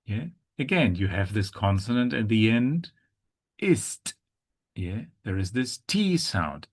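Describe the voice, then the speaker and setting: Guy teaching german sounds, talks really slow and low, says every word over and over. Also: big pitch swings. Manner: patient, repeats words slowly for students to copy. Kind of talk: pronunciation lesson.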